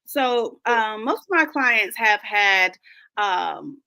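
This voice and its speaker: A woman coach speaking emphatically as a roundtable guest, animated and often laughing as she makes her points. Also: mid-range voice, slow pace, vocal fry. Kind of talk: roundtable conversation.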